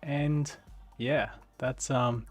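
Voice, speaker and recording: A young Australian man hosting a casual livestream chat, relaxed and laughing often between drawn-out fillers. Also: medium pitch, soft background music. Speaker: host.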